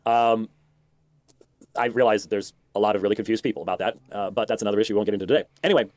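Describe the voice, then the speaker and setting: Halting male commentator with long pauses. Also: on the low side, darkish tone, no echo. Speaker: commentator in a played clip.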